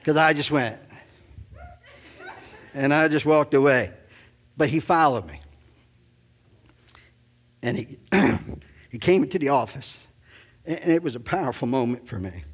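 A man's voice: mid-range voice, breathy edge. A middle-aged man preaching by telling a story about himself, rambling and self-deprecating, with many "you know"s. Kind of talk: storytelling sermon.

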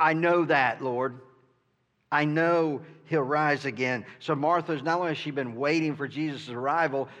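A man's voice: a little high, a bit bright. A male pastor preaching a sermon in an earnest way, often asking "right?" and stumbling over the starts of his sentences. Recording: long reverb from a hall.

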